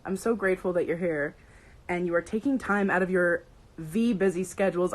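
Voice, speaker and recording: A woman's voice: lowish voice, brisk, poor audio. A young woman hosting a casual livestream, bubbly and playful, greeting viewers by name. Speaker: livestream host.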